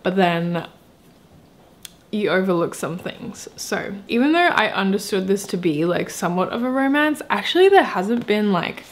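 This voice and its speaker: A woman's voice: mid-range voice, animated, normal speed. A young woman chatting casually in a vlog about books, rambling and enthusiastic with lots of filler words. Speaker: book vlogger.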